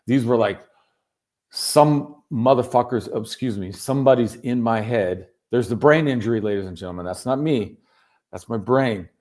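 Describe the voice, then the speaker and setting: A man telling his story as a guest in a casual chat, animated and swearing freely. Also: on the low side, brisk. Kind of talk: casual video call chat. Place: home in Berlin.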